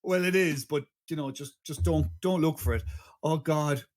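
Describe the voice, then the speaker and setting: A man's voice: fairly high pitch, moderate pace. Rambling podcast host, easygoing man. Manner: rambling, stumbling restarts, frequent laughter. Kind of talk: casual comedic podcast chat.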